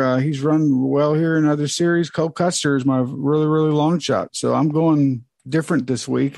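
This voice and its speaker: A man co-hosting a casual motorsport chat, talking in halting stretches and restarting often. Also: on the high side, creaky, a little mellow, no echo. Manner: halting, restarts often, plugs his website. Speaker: motorsport podcast co-host. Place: home, with dogs.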